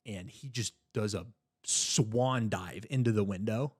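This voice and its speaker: A young man co-hosting a podcast, telling a story in a casual, animated way, swearing freely. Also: lowish voice, unhurried. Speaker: podcast co-host.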